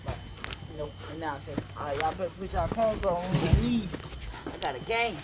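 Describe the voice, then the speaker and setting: Joking man with quick comebacks. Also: a little high, lively intonation, very noisy. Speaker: co-host. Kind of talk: casual improvised storytelling.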